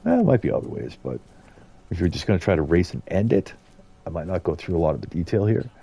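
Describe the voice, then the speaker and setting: A man's voice: deep voice, very animated, quick pace, creaky, dark tone, husky. A middle-aged man from the United States giving rambling, casual commentary as he streams a game and chats to viewers. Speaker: gaming streamer.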